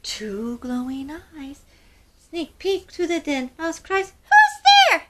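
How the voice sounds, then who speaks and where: A woman's voice: high-pitched, lively intonation, slow pace, slight background noise. A woman hosting children's storytime, reading aloud expressively in a sing-song way and asking the kids questions. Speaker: storytime host.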